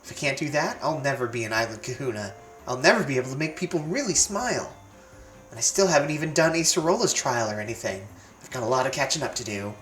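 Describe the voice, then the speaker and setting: A streamer voicing an upbeat, eager teenage boy from a role-playing game, talking quickly and with determination. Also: medium pitch, animated, a bit bright, natural voice. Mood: determined. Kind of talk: reading game dialogue aloud on stream. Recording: roomy sound with faint game music.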